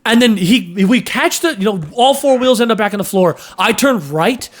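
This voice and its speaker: A young man casually telling a story on a podcast, animated, cursing and acting out sounds and voices. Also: high voice, normal speed. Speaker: podcast host.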